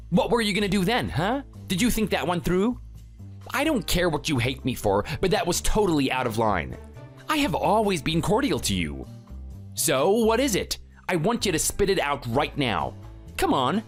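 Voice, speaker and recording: Man voicing an indignant family man, fairly high voice, confrontational, synthetic read, faint music. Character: Italian-born family man standing up to a bully. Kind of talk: text-to-speech texting story.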